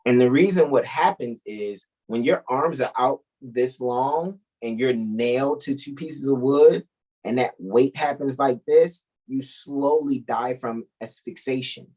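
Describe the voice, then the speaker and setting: A man's voice: medium pitch, measured pace, darkish tone, rough recording. A man co-hosting a casual podcast chat, blunt and profane with a preachy edge. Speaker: co-host.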